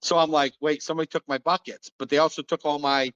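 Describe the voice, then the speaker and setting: A man's voice: a little high, fairly even intonation, fast, a bit bright, smooth, muffled recording. A man hosting a podcast, telling a story casually and animatedly, acting out quotes and laughing often. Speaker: podcast host.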